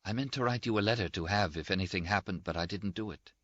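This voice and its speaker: A weak, dying young woman, gentle and brave, as a man reading aloud puts her on. She speaks softly and haltingly. The recording is a little dull and lo-fi. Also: on the low side. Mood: soft tender. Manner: soft, faint, halting.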